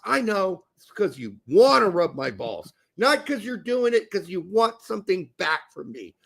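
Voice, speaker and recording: Gravelly, high and a bit bright, this man's voice carries a crude, sarcastic soccer rant on the podcast he co-hosts. It's heated and casual, with mock-emotional asides along the way.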